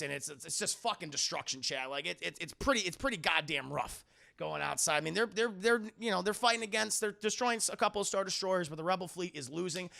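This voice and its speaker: A young man streaming a casual film review to his live chat, excitable and profane, with many restarts. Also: high-pitched, gravelly.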